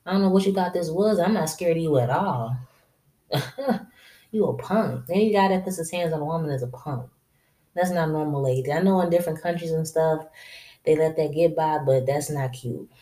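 In a casual solo podcast monologue, a woman host speaks directly to her listeners in a low, warm, mellow voice at normal speed. Blunt and slangy, she drawls her words and laughs to herself while laying out her advice.

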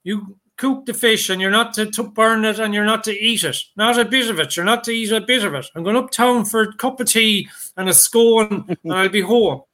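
A man doing a bossy old man who roars his orders in a high, strained, forceful voice, as if he's shouting across a river. It's a storyteller's put-on voice, loud and commanding, with a sharp, bright edge. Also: normal speed.

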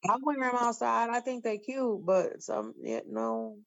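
A woman telling stories in casual group chat, blunt and profane, with lively bursts. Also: on the high side, measured pace, gravelly. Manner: blunt, profane, animated storyteller. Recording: slightly dull lo-fi sound.

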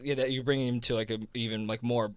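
A man's voice: medium pitch, flat delivery, fast talker, clear, resonant tone, dry recording. A man with a South Jersey accent talking casually, rambling with lots of fillers and restarts. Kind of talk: casual conversation.

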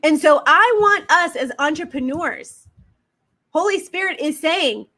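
A woman's voice: sits high, animated, measured pace, pushed and bright. A woman business coach giving an emphatic, preaching-style motivational talk full of fiery rhetorical questions. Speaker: faith-based business coach.

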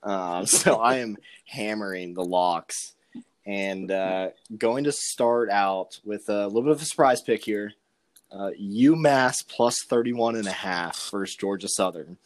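Young man, low voice, podcast co-host, casual betting chat, joking, lots of ums. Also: measured pace. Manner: joking, rambling with many ums and uhs.

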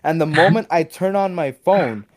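A man's voice: a little high, moderate pace. A young man telling a story in casual chat, swearing often and acting out what people said. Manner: animated, swears a lot, acts out quoted lines.

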